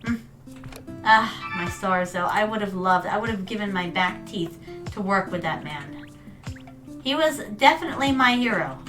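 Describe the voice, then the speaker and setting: A woman's voice: mid-range voice, animated, normal speed, far from the mic, music in the background. A woman VTuber chatting casually while gaming, telling stories and calling her viewers "my darlings". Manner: storytelling, calls viewers "my darlings". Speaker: VTuber streamer.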